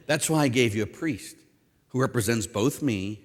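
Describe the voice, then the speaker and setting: A man's voice: mid-range voice, expressive, normal speed. A man in his fifties from Pittsburgh, a priest giving a conference talk on confession, telling stories with self-deprecating humor and acted asides. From Pittsburgh, USA. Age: 50s. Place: conference hall. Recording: long reverb in a large hall.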